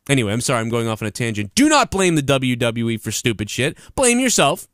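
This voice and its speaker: A man's voice: mid-range voice, wildly swooping pitch, quick pace, hardly any pauses, fairly bright tone, no room sound, studio quality. A man giving heated, profane commentary on wrestling news in a vlog-style rant.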